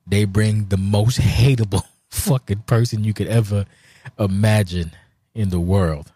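Low-voiced, profane rambling man. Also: darkish tone, no echo. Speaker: podcast host. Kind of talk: casual chat. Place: at home, drinking beer while recording.

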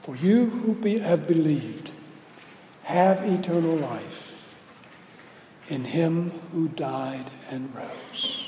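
Slow-preaching pastor in an echoey church. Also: male voice, a little high, animated, slight background noise. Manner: slow, deliberate preaching that swells to loud emphatic peaks. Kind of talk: sermon. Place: church sanctuary. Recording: roomy hall reverb with faint ambience.

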